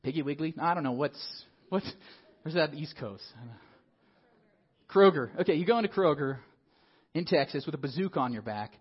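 A man preaching a sermon in a lively, conversational way, often asking the congregation questions. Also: on the high side, moderate pace, long pauses, breathy edge, lo-fi sound. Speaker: pastor.

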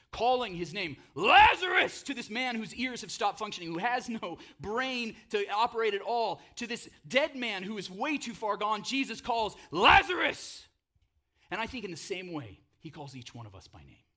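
A male pastor preaching a sermon, telling the story dramatically, dropping to a hush and then booming out names, with casual joking asides. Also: very animated, normal speed, few pauses.

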